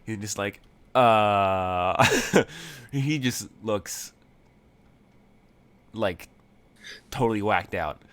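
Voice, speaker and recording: Rambling low-voiced man game master. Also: takes it slowly, pauses often. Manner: rambling, many fillers. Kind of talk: narrating a tabletop game.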